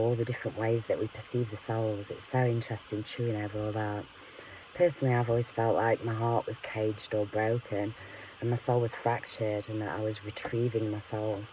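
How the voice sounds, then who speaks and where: A woman's voice: a bass voice, warm tone, slight background noise, low-quality recording. Sweary, rambling woman ranting to camera. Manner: frank, sweary, rambling, laughs at herself. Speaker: vlogger. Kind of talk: candid ranting monologue.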